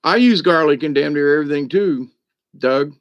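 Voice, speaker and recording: A rambling, chatty man with a drawl tells stories to his live-stream chat in a voice pitched a little high. The sound is dry and somewhat dull and lo-fi, like a simple home setup. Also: moderate pace, dry recording. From South Georgia, US. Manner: rambling and chatty, full of "you know" and "but anyway". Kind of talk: casual storytelling to a live chat.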